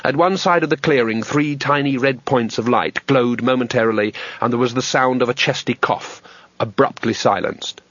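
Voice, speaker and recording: A man reading a comic fantasy audiobook in a measured, wry way. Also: mid-range voice, fairly bright tone, no room sound. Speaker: audiobook narrator. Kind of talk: scripted narration. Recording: dull, dry lo-fi recording.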